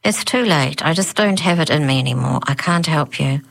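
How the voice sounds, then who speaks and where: A woman's voice: low voice, lively intonation, fairly quick, gravelly, exaggerated voice. A woman voicing a gloomy, weary former Santa Claus who talks in a lackadaisical, sighing way.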